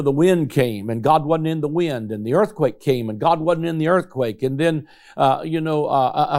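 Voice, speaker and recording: A middle-aged man preaching with a gravelly, creaky edge to a voice that sits a bit high for a man. He talks earnestly, reading scripture passages aloud and often restarting his phrases. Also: darkish tone. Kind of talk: sermon.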